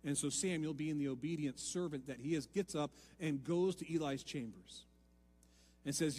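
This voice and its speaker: A man pastor preaching a sermon, swinging from hushed lines to loud, emphatic appeals. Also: fairly high pitch, normal speed, big-room sound. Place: church sanctuary.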